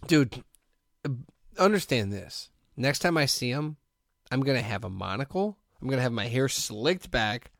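Deadpan storytelling man, dry close sound. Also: a little slow, creaky, no room sound. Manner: storytelling, drops low and quiet for deadpan asides. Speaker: podcast co-host. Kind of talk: casual chat.

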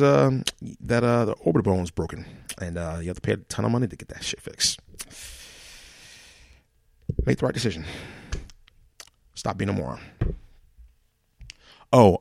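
A man's voice: fairly low pitch, gravelly, darkish tone, no room sound, clean studio sound. A man hosting his own podcast, ranting alone in a profane, exasperated way with many restarts. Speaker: podcast host. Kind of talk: solo ranting monologue.

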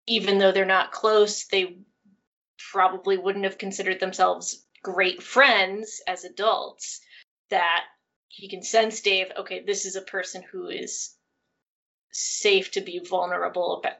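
A woman with a bright, gravelly voice talks through a film on a casual podcast. She analyses it in a thoughtful, animated way. The audio is dull and lo-fi. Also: medium pitch, measured pace. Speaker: podcast co-host.

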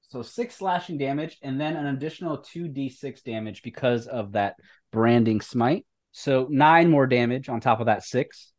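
A man's voice: medium pitch, darkish tone. A man running a tabletop game as game master, calling rolls and describing the action. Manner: brisk rules narration.

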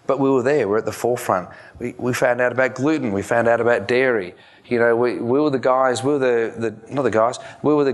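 Man, public speaker, casual storytelling, fillers, restarts. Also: medium pitch. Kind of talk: live talk to an audience.

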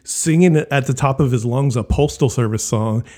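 Man, podcast co-host, casual chat, quick laughs, restarts mid-sentence, mid-pitched voice. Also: a little mellow, breathy edge. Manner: laughs often, trailing restarts.

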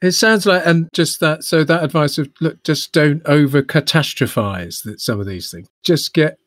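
A man's voice: on the high side, normal speed, a bit bright, dry recording. Chatty male podcast host, dry sound. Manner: friendly, rambling questions with fillers. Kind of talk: casual podcast interview.

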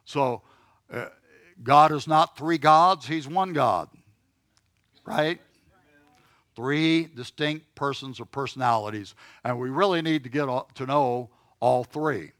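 A man's voice: medium pitch, takes it slowly, a bit bright, no room sound. Man teaching a Bible class, dry sound. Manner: conversational, checks in with listeners.

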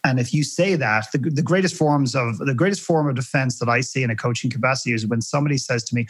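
A man speaking as a guest coach in a podcast interview, telling a story in an animated way and acting out the voices he quotes. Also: mid-range voice, fast, few pauses, husky.

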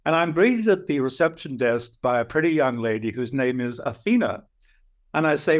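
An older man with an Australian accent, a guest telling animated stories and acting out voices. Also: medium pitch, normal speed. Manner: lively anecdotal storyteller, acts out voices. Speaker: guest, dream teacher. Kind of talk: animated storytelling.

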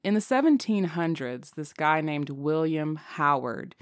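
A woman's voice: low-pitched, animated, measured pace, no echo, studio quality. A woman co-hosting a podcast, telling a story in casual chat and laughing often. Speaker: podcast co-host.

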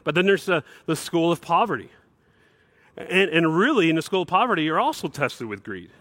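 Middle-aged pastor guy preaching, kinda high voice, punchy emphatic delivery, dry close mic. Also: fairly bright tone, dry recording. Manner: emphatic preaching, rising to bursts of higher pitch. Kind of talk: sermon.

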